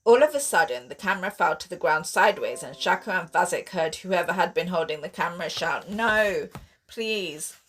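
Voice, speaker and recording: A woman author reading her own sci-fi horror novel aloud in steady, expressive audiobook narration. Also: fairly low pitch, fairly quick, hardly any pauses, slight background noise.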